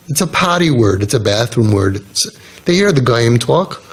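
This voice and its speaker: A man's voice: mid-range voice, very animated, moderate pace. Middle-aged man, mentor figure, earnest and emphatic talk, mid-range voice. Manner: emphatic, repeats key phrases, acts out quoted voices. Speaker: community youth mentor giving a talk.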